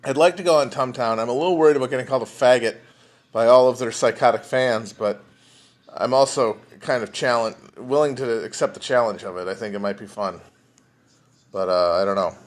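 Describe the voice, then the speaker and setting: This podcast host, a man with a mid-range voice, speaks briskly on a casual solo livestream from his home, by himself. He rambles, curses, runs himself down, and breathes heavily into his phone's mic.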